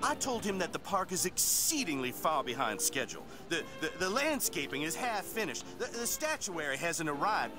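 An actor playing a fussy, exasperated gentleman who complains and stammers in a video game. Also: a little high, very animated, normal speed, hardly any pauses, over music. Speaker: game character.

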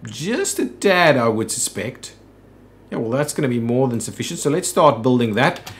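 A man's voice: medium pitch, lively intonation, normal speed. A man hosting a let's play, thinking aloud in casual commentary with frequent "ooh"s and "um"s.

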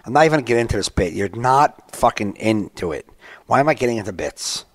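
A man in his thirties, a stand-up comedian telling a story on a podcast, animated and acting out his own rants. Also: mid-range voice, fast, dry recording. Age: 30s. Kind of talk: casual podcast chat.

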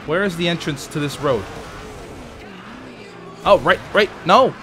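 A man casually commenting while playing a racing game, chatty and jokey with sudden excited outbursts. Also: fairly high pitch, measured pace, soft background music. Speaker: let's play host.

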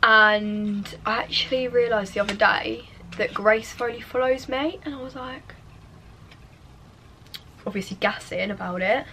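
A young woman talks to camera in her bedroom, with a voice that sits a little high. She chats and confides, and at times drops to a near whisper. A faint hiss runs under the recording. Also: measured pace, pushed and bright. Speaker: vlogger. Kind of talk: casual chat to camera. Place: bedroom at home.

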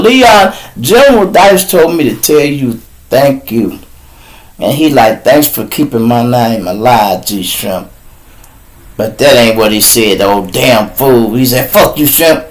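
A man in his fifties with a Chicago accent, hosting a casual live-stream monologue, rambling and profane, breaking into shouted mimicry of others. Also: medium pitch, poor audio. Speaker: live show host.

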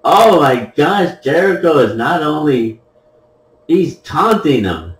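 Slow, joking man commenting on gameplay. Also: a little high, very animated. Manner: playful, laughs at his own jokes. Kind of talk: casual joking commentary over a replay. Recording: echoey room, mic at a distance.

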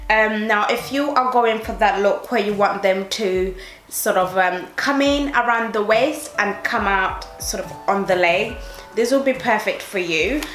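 A woman's voice: medium pitch, unhurried, a bit bright. A woman with an accent mixing London and Northeast English, talking casually and chattily to her viewers in a try-on haul. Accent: mix of London and Northeast English. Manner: chatty, addressing viewers directly. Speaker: fashion YouTuber. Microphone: camera mic. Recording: echoey room, faint music.

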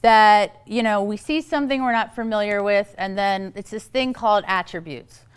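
A woman giving a storytelling talk on parenting to an audience, animated and acting out the voices she quotes. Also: mid-range voice, normal speed, clear, resonant tone. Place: event hall.

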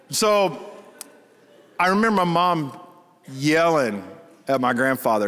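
A middle-aged man, preaching in a lively storytelling way and laughing as he tells it. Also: a little high, a little slow, pauses often, long reverb tail. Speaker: pastor. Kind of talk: storytelling sermon.

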